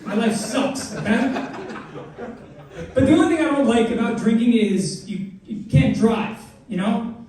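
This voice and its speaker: A man's voice: very high-pitched, expressive, a little slow, warm tone, distant mic. A man in his twenties doing a rambling, self-mocking, crude stand-up set in a comedy club. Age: 20s. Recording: echoey club, mic heard from afar, crowd noise. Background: audience laughter.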